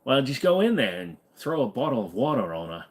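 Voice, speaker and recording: A man's voice: medium pitch, big pitch swings, brisk. A man hosting a casual livestream, reading chat and rambling with jokes and fillers. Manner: rambling and joking, many fillers. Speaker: livestream host.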